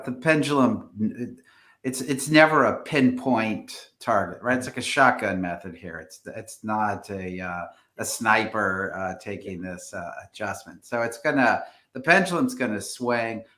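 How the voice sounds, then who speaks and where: A man's voice: on the low side, expressive, unhurried, pushed and bright, roomy sound. A man, a real estate agent, talking through the housing market on a live stream, hesitant with many fillers and restarts.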